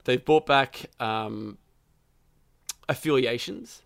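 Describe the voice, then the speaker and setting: A man's voice: medium pitch, takes it slowly, gravelly, no room sound, clean studio sound. A man chatting casually about a video game, rambling and swearing, with lots of fillers. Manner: rambling, profane, full of fillers.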